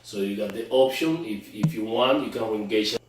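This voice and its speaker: A man's voice: lowish voice, normal speed, over music. A man coaching on dating, talking emphatically and often repeating and restarting his words. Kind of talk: instructional monologue. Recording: very echoey room, far from mic.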